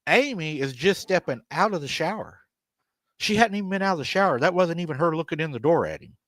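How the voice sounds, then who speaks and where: A man's voice: a little high, animated, fast talker, a bit bright, dry recording. A man hosting a live paranormal stream, retelling a family's story and quoting the people in it. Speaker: paranormal show host.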